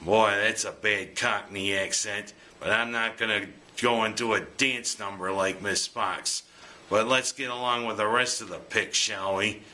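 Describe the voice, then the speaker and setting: A man's voice: lowish voice, fairly even intonation, measured pace, pushed and bright. A man giving jokey, punning scripted sports commentary as host. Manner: jokey, punning, breaks into goofy singing.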